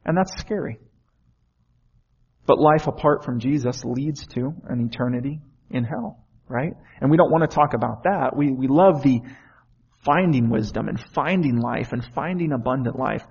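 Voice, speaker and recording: A man's voice: mid-range voice, moderate pace, creaky, a little mellow, husky, dull audio. A man preaching a sermon in an earnest way, often asking the listeners questions.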